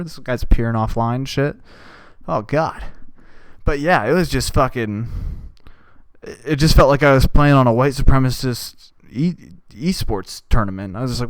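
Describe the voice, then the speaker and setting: Man ranting sarcastically, very lively pitch. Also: a little slow, no room sound. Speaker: podcast host. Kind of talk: comedic podcast rant.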